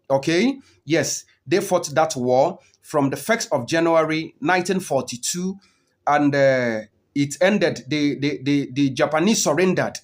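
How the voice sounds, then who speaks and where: A man giving an unscripted history lesson, often pausing with "okay" and "um" and repeating his key points. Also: fairly high pitch, lively intonation. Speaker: history teacher.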